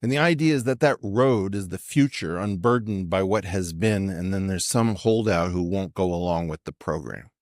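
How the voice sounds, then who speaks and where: A man's voice: deep voice, normal speed, few pauses, no echo, clean studio sound. A man speaking as a podcast guest in an assertive, professorial way, challenging his host with pointed questions. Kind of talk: conversational podcast discussion.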